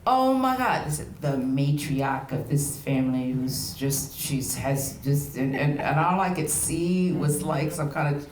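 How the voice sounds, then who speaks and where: An older actress as a guest in a live on-stage conversation, an animated storyteller who laughs often. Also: female voice, low voice, unhurried, few pauses. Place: gallery event before a live audience. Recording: echoey room, crowd and noise behind.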